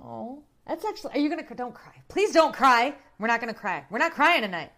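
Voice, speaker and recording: A young woman hosts a casual livestream, chatting in a slightly high voice. She talks in an animated, blunt way and swears freely. She breaks off to read a horoscope aloud. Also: fast talker. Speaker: livestream host.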